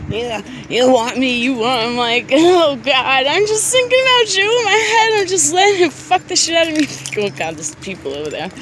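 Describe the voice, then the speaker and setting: High-voiced woman gushing on a city walk. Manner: breathy, gushing, heavy swearing, frequent exclamations. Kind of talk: rambling confessional monologue to an absent lover. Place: outdoors walking through a city park. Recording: outdoor street noise and traffic. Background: street ambience with passing vehicles.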